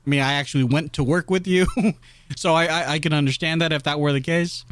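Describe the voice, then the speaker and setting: A man co-hosting a casual podcast, animated and teasing, who laughs often and jumps into squeaky voices when mimicking people. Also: fairly quick, clear, resonant tone. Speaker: podcast co-host. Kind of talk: casual chat.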